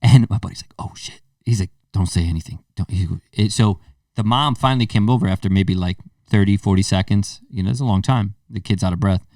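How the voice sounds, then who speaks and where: A man's voice: lowish voice, fairly quick, no room sound, clean studio sound, recorded from a distance. A man in his thirties hosting a podcast, telling a story casually and acting out the voices in it. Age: 30s. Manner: animated storyteller, acts out quotes. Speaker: podcast host.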